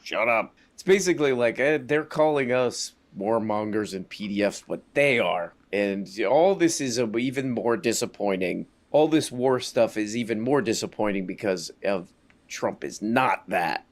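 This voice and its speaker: A man's voice: lowish voice, expressive, normal speed. A man doing casual live-stream commentary over clips, sarcastic and rambling, with a mocking tone.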